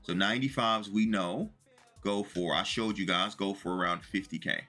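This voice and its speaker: A man with a lowish, forceful, bright voice talks viewers through a video game in a relaxed, chatty way. He works through his numbers out loud as he goes, while faint music plays in the background. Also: normal speed. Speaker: gaming video creator. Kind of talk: casual commentary to viewers while opening packs.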